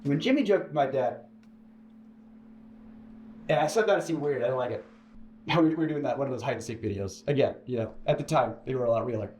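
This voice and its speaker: A man telling a personal story as an interview guest, full of stammered restarts and sudden jumps into a high, animated voice. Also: fairly quick, pauses often, a little hiss or hum. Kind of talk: casual storytelling. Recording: echoey room with faint ambience.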